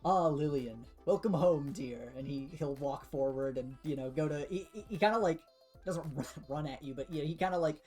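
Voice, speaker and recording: A woman narrating as game master of a tabletop game in a relaxed, chatty way. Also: deep voice, a little fast, faint music behind. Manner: relaxed, chatty, laughs often.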